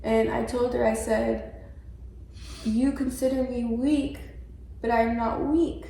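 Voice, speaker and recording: A seventeen-year-old girl telling her story to an interviewer in an earnest, halting way, often restarting her sentences. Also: on the high side, fairly even intonation, gravelly, mellow. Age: teens. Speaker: interview guest. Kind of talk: candid personal interview. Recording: very echoey room with faint background noise.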